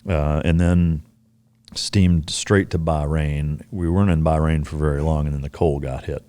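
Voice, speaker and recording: A man's voice: a bass voice, steady tone, moderate pace, dark tone, no room sound. A middle-aged man hosting a podcast, chatting casually and profanely with an old friend and recalling details of past deployments. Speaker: podcast host.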